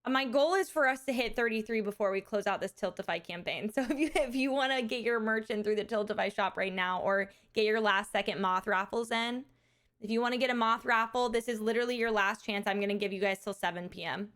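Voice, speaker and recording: A woman streamer hosting a charity fundraiser, telling a story in casual chat, animated, laughing often and swearing casually. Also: mid-range voice, brisk.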